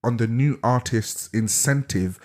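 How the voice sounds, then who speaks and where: A man's voice: measured pace, a little mellow. A man co-hosting a casual podcast, joking and jumping into playful bits. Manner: joking, jumps into bits and squeaky put-on voices. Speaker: podcast co-host. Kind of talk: casual chat.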